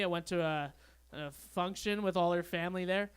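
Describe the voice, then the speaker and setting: A young man doing a stand-up comedy set on a club stage, with a deadpan, awkward storytelling manner. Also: sits high, moderate pace, clear, resonant tone. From Canada.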